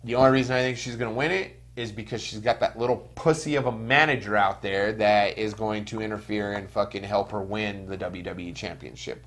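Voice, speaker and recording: Male podcast host, casual chat, blunt profane rants, stumbles on restarts. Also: lowish voice.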